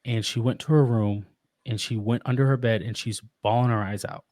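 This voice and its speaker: A man talking as a podcast guest about being a father, earnest and reflective, often pausing and restarting his sentences. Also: medium pitch, steady tone, darkish tone, no echo. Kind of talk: casual interview.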